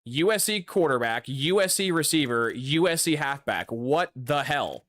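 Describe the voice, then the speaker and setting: A young man giving casual, excitable gameplay commentary, swearing and breaking into loud outbursts. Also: a little high, moderate pace, no echo. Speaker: gaming YouTuber.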